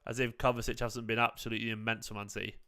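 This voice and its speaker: A man's voice: lowish voice, little pitch movement, very fast, bright, forceful tone, smooth. A young man hosts a live football watchalong, chatty and prone to laughing fits. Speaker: football fan channel host. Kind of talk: live match watchalong commentary.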